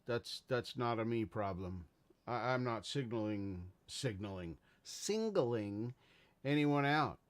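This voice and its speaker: A man's voice: fairly low pitch, unhurried. A man hosting a casual livestream, talking earnestly and rambling as he greets viewers in chat. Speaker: livestream host.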